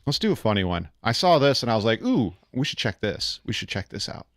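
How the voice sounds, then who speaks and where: A man's voice: on the low side, big pitch swings, brisk, no echo, studio quality. A man hosting a casual reaction live stream, rambling and easygoing with lots of fillers and frequent laughter.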